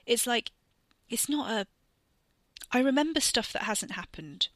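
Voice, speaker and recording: A woman voicing a boastful teenage boy who rambles and shrugs things off. His voice is bright and raised a little, recorded close and dry. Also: on the high side, animated, measured pace, dry recording, voice pushed up. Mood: rambling. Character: cocky teenage boy, cousin, reckless.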